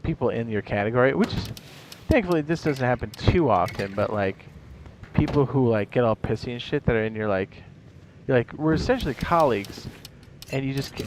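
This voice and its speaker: A man's voice: medium pitch, a little mellow, slight background noise. Rambling, profane man streaming a game. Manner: rambling, profane, laughs at his own jokes. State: tired. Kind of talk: casual stream commentary.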